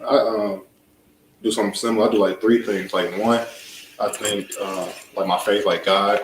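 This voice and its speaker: A young man, a college student on a discussion panel, talking casually and quickly with many fillers. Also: on the low side, fairly even intonation, reverberant, a little hiss or hum, low-quality recording. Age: young adult. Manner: fast, loose talk full of fillers.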